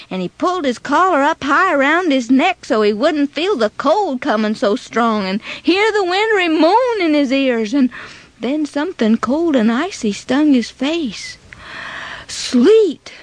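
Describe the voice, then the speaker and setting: A woman narrating a children's moral story in a dramatic, expressive way. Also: very high-pitched, dry recording.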